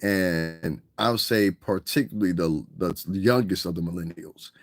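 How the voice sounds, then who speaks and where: A man hosting a podcast in a casual, animated monologue, swearing and mimicking other people's voices. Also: low-pitched, measured pace. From United States. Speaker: podcast host.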